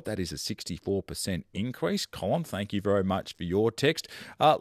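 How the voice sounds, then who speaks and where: A man's voice: sits low, no room sound, studio quality. An Australian man around forty hosting live talkback radio in an easygoing, chatty way. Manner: easygoing, chatty, laughs along with callers. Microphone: studio microphone.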